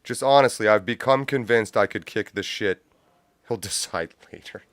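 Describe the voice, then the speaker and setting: A man's voice: lowish voice, normal speed, no echo. A man hosting a live stream, giving blunt, profane reaction commentary from a home studio, close on a mic with a pop filter. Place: home studio with a cat nearby.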